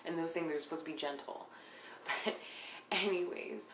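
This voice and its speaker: A young woman recapping a reality show in a blunt, casual way, swearing often and sometimes dropping into hushed asides. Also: low voice, normal speed. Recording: echoey room, faint background noise.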